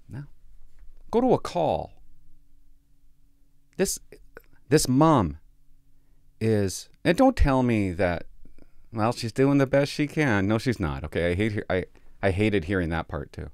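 Brief: low-voiced police officer, sarcastic and crude, swinging pitch, dry close sound. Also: male voice, sing-song, unhurried, long pauses, darkish tone, no room sound. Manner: blunt, sarcastic, profane. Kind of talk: casual storytelling vlog. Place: sparse home office.

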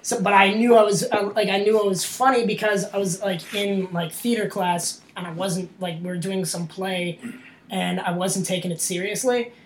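A man's voice: high voice, fairly even intonation, moderate pace, roomy sound, a little hiss or hum. Young man rambling with a laugh. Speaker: stand-up comedian, podcast guest. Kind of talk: casual podcast chat.

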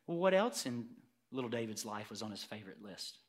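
A man preaching a sermon emphatically and loudly, repeating words for emphasis. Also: on the low side, very animated, brisk, hardly any pauses. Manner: emphatic, loud, repetitive preaching.

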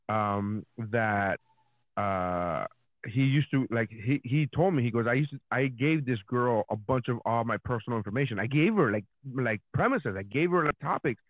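A man's voice: medium pitch, dry recording, phone-quality sound. A man, a comedian, chatting casually on a podcast and telling stories animatedly, acting out his own reactions.

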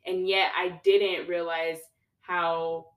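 A young woman with a notably low voice, talking casually as a podcast guest. She tells stories with animation and jumps her voice way up when she acts out what others said. The room around her rings with echo. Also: slow pace. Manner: animated storyteller, acts out quotes with pitch jumps. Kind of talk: casual conversation. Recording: echoey room.

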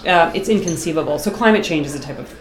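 A middle-aged woman from Boston chats as an interview guest, animated and quick to laugh. Her voice sits on the low side, and the room around her is echoey. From Boston, USA. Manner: animated, talkative, laughs often. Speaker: guest artist. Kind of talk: casual interview chat.

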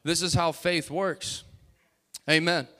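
A man preaching a sermon as pastor, calling out to the congregation and building to loud, emphatic bursts. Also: on the high side, fairly even intonation, slow.

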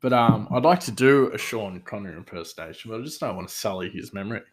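Weitschweifiger Mann, der frei drauflos plaudert. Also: male voice, lowish voice, expressive, fast. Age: adult father. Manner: rambling, full of "like" and "um" fillers. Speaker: podcast host. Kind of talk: casual solo rant.

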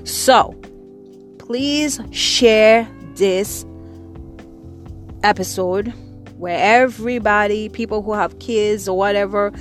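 Middle-aged woman host, angry and profane, repeating her points hard, mid-pitched voice, soft music behind. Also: slow pace, long pauses. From Caribbean. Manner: angry, profane, repetitive emphatic speech. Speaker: podcast host. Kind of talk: impassioned monologue.

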